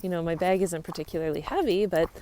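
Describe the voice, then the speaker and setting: Strolling a rural trail with a phone in hand, a woman on a long-distance walk vlogs casually, upbeat and quick to laugh. Her voice sits fairly low, with a warm tone and a quick pace, and there's slight background noise.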